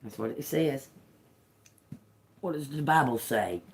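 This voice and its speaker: A woman's voice: rumbling low, unhurried, a little hiss or hum. A woman doing a casual tarot reading, telling stories animatedly and swearing freely. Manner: animated storytelling, frequent laughter, profane. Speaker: tarot reader.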